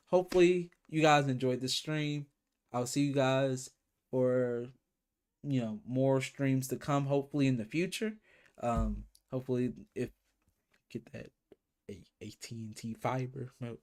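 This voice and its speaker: A man's voice: medium pitch, darkish tone. A man chatting casually on a livestream, rambling with many fillers and restarts. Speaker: K-pop reaction streamer.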